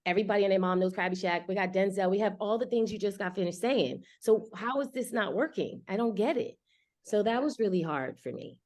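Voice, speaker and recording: A woman's voice: medium pitch, brisk, a little mellow. A woman, a restaurant owner speaking candidly and from the heart as an interview guest. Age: 40s. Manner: candid and heartfelt, with casual slang. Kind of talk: conversational interview.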